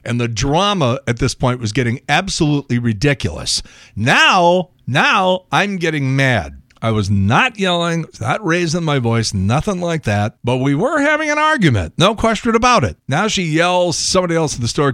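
A middle-aged man telling a long story in a monologue, indignant and animated, acting out both sides of an argument. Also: fairly high pitch, normal speed, dry recording, clean studio sound. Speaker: podcast host.

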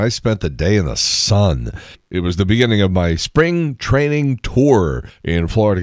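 A man's voice: low voice, darkish tone, no echo, clean studio sound. A tired man hosting a casual solo podcast, telling chatty, wry stories with asides and laughs. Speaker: podcast host.

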